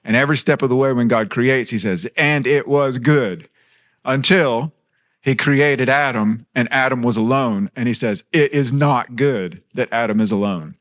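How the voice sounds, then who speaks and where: A man's voice: mid-range voice, moderate pace, fairly bright tone. A man in his thirties preaching a sermon in a church, earnest and conversational, mixing personal stories with light humor.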